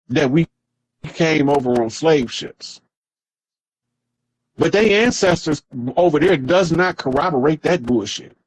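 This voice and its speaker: A man with a slightly high voice, captured with no room sound, holds forth on a podcast. His casual, profane storytelling has a street feel and comes with heavy emphasis.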